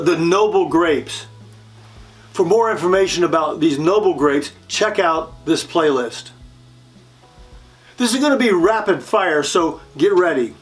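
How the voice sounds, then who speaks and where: A man presenting a wine lesson in a friendly way, often repeating words and pausing on fillers. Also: high-pitched. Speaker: wine educator. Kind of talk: instructional video presentation.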